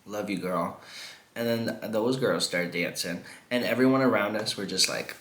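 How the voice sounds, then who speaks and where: A man's voice: lowish voice, moderate pace, a bit bright. A man vlogging a mukbang, telling a story in a rambling, profane way and laughing often. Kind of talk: casual storytelling while eating. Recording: echoey room.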